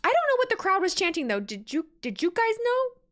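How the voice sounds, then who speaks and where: A woman's voice: very high-pitched, wildly swooping pitch, brisk, a bit bright. A woman live-streaming her reaction to a wrestling show, chatting casually, laughing often and reading viewer messages aloud.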